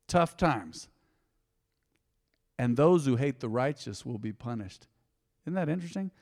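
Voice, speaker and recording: A man teaching through Bible verses in a casual devotional sermon. He talks straight to his listeners, swinging from emphatic to soft and reflective. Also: mid-range voice, animated, unhurried, long pauses, in a large hall. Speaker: pastor.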